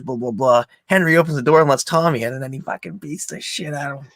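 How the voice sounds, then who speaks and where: Guy hosting a movie podcast, talks fast, swears a lot, dry close mic sound. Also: vocal fry, no echo. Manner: retells scenes with excited, high-pitched quoted voices and swearing. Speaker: podcast host. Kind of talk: casual movie chat.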